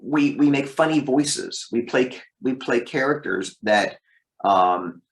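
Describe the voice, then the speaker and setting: A man who works as a voice actor, telling stories from his career as an interview guest, lively and leaping up in pitch for emphasis. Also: slow, creaky. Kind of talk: interview storytelling. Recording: roomy echo.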